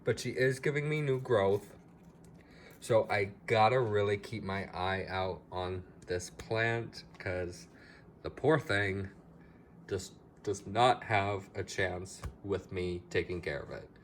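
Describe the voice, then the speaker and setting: A man with a lowish voice talks slowly and casually through a tour of his house plants, chatty and a bit dramatic about each one. A faint hiss of room noise sits under his voice. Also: fairly even intonation. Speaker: plant vlogger. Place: home with plants, indoors.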